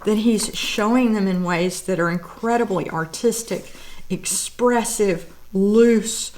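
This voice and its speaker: A woman artist and vlogger, speaking slowly in a mid-range voice with a darkish tone, does a casual show-and-tell of her art book collection. She gushes with admiration, sounds audibly teary, and lingers on words of praise.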